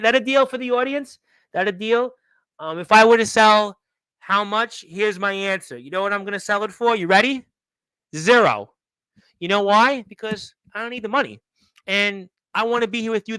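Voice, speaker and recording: Guy hosting a wrestling stream, high bright voice, dry close sound, just rambling at the chat. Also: clear, resonant tone, no room sound, low-quality recording. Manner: rambling, playful, teasing the chat. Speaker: wrestling podcast host. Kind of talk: live-stream chat, reading comments.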